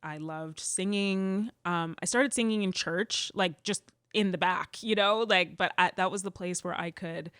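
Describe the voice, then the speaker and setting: Unhurried yet smooth, with hardly any pauses, a young woman from Edmonton, Canada, speaks in a fairly low voice over studio-quality audio with no room sound. She's a musician guest in a casual interview, telling animated stories, laughing often, and peppering them with "like".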